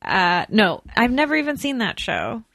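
A woman in relaxed conversation who makes wry, deadpan remarks. Her pitch moves a lot as she talks. The recording is dry and close. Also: normal speed, creaky, no echo. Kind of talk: casual chat.

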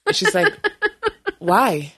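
A woman's voice: mid-range voice, wildly swooping pitch, takes it slowly, sharp tone, husky, dry recording. A woman telling a funny work story in casual chat, acting out quotes and laughing often.

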